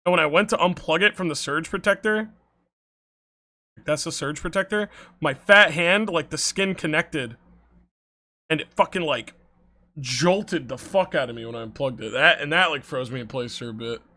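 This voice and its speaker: Young male streamer, high bright voice, lively casual storytelling, cursing freely. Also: normal speed. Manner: animated, swearing, laughing often.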